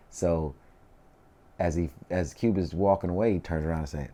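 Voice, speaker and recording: A man's voice: rumbling low, a little fast, mellow, husky. A man, a rapper telling stories in a casual interview, slangy and laid-back, often saying "you know what I mean".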